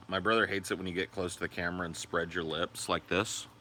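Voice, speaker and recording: A low-voiced man with a bright, forceful tone hosts a casual livestream. He rambles, swears freely and answers viewer comments. A faint hiss of noise sits behind him. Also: steady tone, brisk. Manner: high sing-song baby talk to his dog. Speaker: livestream host.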